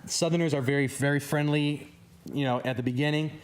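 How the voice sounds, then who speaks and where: Lively young man chatting in a studio. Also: fairly high pitch, fairly quick. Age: young adult. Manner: lively, acts out little quoted voices. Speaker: musician guest. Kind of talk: casual studio interview chat.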